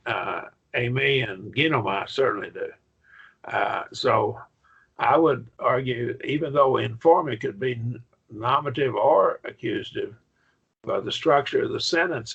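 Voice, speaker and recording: A man with a gravelly, husky voice teaches a Greek Bible class, walking the students through each point with eager enthusiasm. The recording is muffled and lo-fi. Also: medium pitch, pushed and bright. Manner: enthusiastic, explaining step by step.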